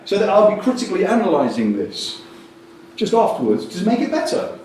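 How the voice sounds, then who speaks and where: A man giving a jokey, animated talk at a coaching conference and acting out quotes in different voices. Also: high voice, fairly quick, a little hiss or hum. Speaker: conference speaker. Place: conference hall with audience. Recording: distant mic in an echoey hall.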